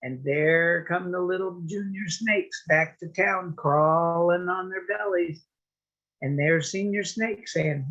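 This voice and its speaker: A woman's voice: lowish voice, takes it slowly, highs cut off. A woman storyteller telling a folksy tale at a story swap, raising her voice to act out the characters. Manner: folksy, lively teller who acts out the snakes with a raised voice. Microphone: video call.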